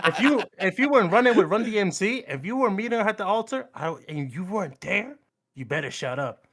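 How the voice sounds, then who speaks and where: A man's voice: high-pitched, fairly quick. A man in his thirties co-hosting a podcast, joking and swearing in casual banter. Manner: joking, animated, swears freely. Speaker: podcast co-host.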